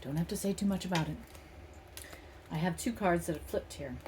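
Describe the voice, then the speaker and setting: A woman's voice: lowish voice, brisk, a little mellow, a little hiss or hum. A woman doing a casual tarot reading, talking in a playful, rambling and self-mocking way. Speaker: tarot reader.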